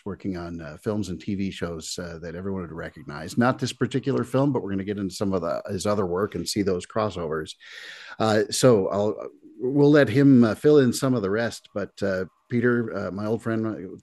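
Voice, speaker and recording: A man's voice: low voice, no echo. A middle-aged man co-hosting a podcast, chatting casually with many fillers and reading a scene aloud. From Wisconsin. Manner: relaxed, hesitant with many fillers, joking. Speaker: podcast co-host. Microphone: video call.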